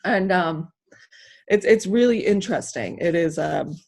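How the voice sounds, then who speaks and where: Athlete woman guest, slightly low-pitched, animated and emotional, rambling delivery. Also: a little slow, creaky. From United States. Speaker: interview guest, hammer thrower. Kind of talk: casual interview storytelling.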